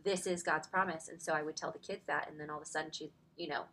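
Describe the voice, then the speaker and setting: A woman's voice: deep voice, steady tone, quick pace, bright, forceful tone. A woman in her thirties telling a personal story in a faith podcast conversation, chatty and full of "like", close to tears at times. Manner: chatty, fills speech with "like". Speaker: podcast guest.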